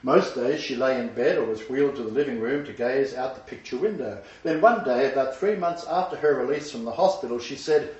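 Speaking briskly with few pauses, this man delivers an emphatic sermon to a small congregation in a mid-range, slightly mellow voice, building to a raised voice whenever he quotes God from scripture. A distant mic captures him with a roomy echo and a dull sound.

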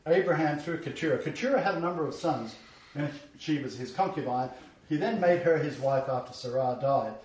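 A man's voice: fairly high pitch, a little fast, darkish tone. A man giving a Bible lecture who reads scripture aloud and breaks off to make emphatic comments. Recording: echoey, distant, dull-sounding room.

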